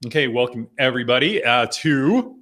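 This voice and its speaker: A man's voice: medium pitch, expressive, normal speed, bright, forceful tone. A middle-aged man from New Jersey hosting a live online members' chat, rambling and chatty with lots of fillers and laughs. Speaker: host.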